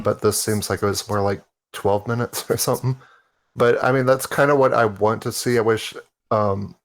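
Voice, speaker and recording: A man on a casual podcast panel, talking in a laid-back, rambling way with lots of hesitations. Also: fairly low pitch.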